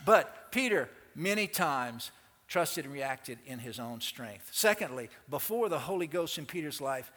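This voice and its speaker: High-voiced preacher in a big echoing church. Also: male voice, a little slow. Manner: animated storytelling, asks the congregation questions. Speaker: pastor. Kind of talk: sermon. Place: church sanctuary.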